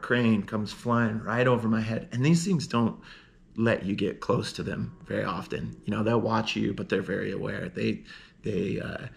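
A man, a snowboarder, telling a personal story in an earnest, rambling way, full of "like" and restarts, and ending with warm encouragement. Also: on the low side, creaky. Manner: heartfelt, encouraging. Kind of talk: casual storytelling monologue.

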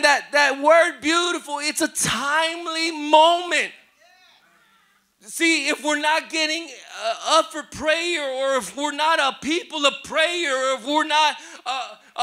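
A middle-aged man with a Southern Californian accent preaching a sermon as pastor, building to shouted emphasis with repeated phrases. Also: very high voice. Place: church sanctuary.

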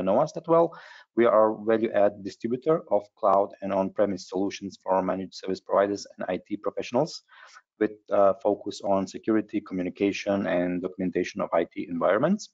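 Guy running a webinar, kinda low voice, lots of uhs, muffled lo-fi sound. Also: creaky, darkish tone. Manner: halting, frequent hesitations. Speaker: webinar host. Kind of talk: webinar presentation. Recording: dull lo-fi webinar audio.

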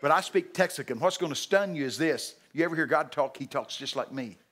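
An older man with a Texan accent preaches in a homespun, folksy way. He tells stories and quotes scripture, and breaks now and then into loud, emphatic exclamations. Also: fairly high pitch, brisk, background noise. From Texas. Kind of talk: sermon.

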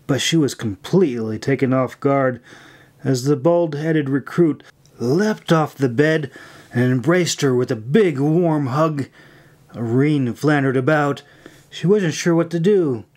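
A man reads his own fantasy novel aloud as an audiobook. His delivery is steady and even, at a middle pitch for a man. The tone is plain storytelling narration. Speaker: author reading his novel.

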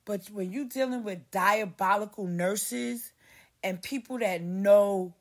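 A woman delivers a rambling, heavily profane podcast rant. She swears constantly and jumps between stories, acting out what others said to her in a sharper, louder voice. Her pitch sits in an ordinary middle range for a woman. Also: takes it slowly. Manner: heavy cursing, animated, mimics others in raised voice. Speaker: podcast host.

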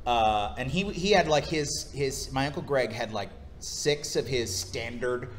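A man's voice: medium pitch, a little slow, slight background noise. A man, a voice actor, telling stories at a convention panel and slipping into impressions. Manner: animated storyteller, slips into impressions. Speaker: voice actor guest.

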